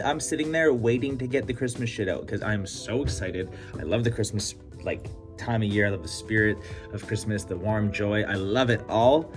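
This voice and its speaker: A young man vlogging, telling stories in a loose, chatty way full of casual swearing. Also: medium pitch. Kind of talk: casual vlog storytelling.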